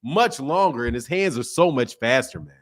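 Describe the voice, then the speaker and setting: A man's voice: mid-range voice, expressive, moderate pace. A man hosting a boxing talk stream from home, emphatic and slangy, repeating his points over and over. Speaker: boxing channel host. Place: home indoors.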